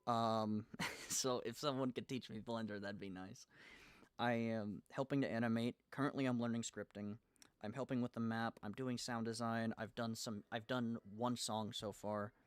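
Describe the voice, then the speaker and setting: A young man chats on a live stream from his computer, his voice at an ordinary middle pitch. He sounds nervous and excited, trips over his words and restarts his sentences often. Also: moderate pace, clear, resonant tone, no room sound. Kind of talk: casual live stream chat.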